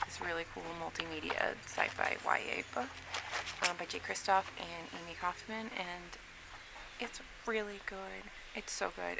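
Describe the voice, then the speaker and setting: A woman's voice: mid-range voice, creaky, noisy background. A woman, a nurse, talking in a rambling, chatty vlog at home, full of fillers. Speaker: nurse and book vlogger. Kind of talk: casual vlog chat.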